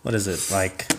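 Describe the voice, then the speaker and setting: A man's voice: on the low side, fairly bright tone, a little hiss or hum. A man chatting casually about a comedy character, laughing often and acting out bits of dialogue. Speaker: co-creator describing a character. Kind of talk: casual chat.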